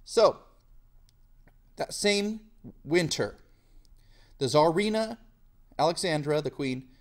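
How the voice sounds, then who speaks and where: A man's voice: fairly high pitch, animated, slow pace. A male history teacher giving a casual video lecture in a jokey style full of slang.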